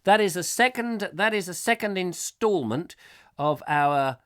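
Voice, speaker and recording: Playful man, bright rambling host. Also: high-pitched, expressive, unhurried. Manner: playful, rambling, swooping into silly put-on voices. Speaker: comic chat show host. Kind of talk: live comic monologue reading viewer comments.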